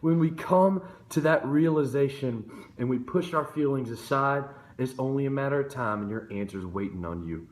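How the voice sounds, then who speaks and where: A man's voice: medium pitch, normal speed, hardly any pauses. Fervent man preaching in an echoey room. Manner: fervent, building to intense emotional peaks. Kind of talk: impassioned devotional sermon. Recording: echoey room, phone-captured video.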